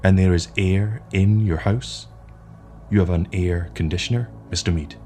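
Male reader doing a robot cop car: low, dark, metallic, terse orders. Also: steady tone, moderate pace, soft background music, close to an everyday voice. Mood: curt. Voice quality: metallic, clipped commands. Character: cold interrogating robot police car.

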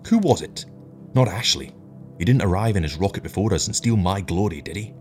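A man's voice: deep voice, fast talker, warm tone, faint music behind, lightly acted. A man voicing a tired, cynical older rocket captain who snaps impatiently at his lieutenant. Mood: snappish, incredulous. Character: weary, sharp-tongued older male rocket captain.

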